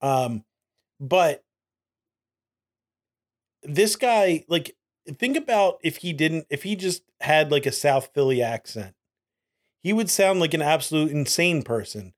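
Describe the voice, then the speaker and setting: Man podcast co-host, lively swooping voice, fairly high, repeats quotes for laughs. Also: takes it slowly, long pauses. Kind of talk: casual podcast chat.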